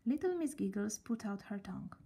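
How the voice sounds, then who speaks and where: A woman reading a children's story aloud in a gentle voice, often dropping near a whisper. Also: medium pitch, expressive, fairly quick, husky.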